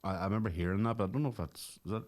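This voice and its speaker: Brief: podcast co-host, low voice, wry and sweary casual musing. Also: male voice, racing, darkish tone. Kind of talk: casual comedic chat.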